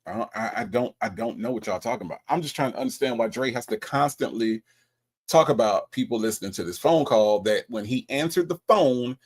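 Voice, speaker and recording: Gravelly, lively-voiced man hosting. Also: mid-range voice. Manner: animated, teasing, repeats words fast. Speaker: live show host. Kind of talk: mocking commentary on a call recording.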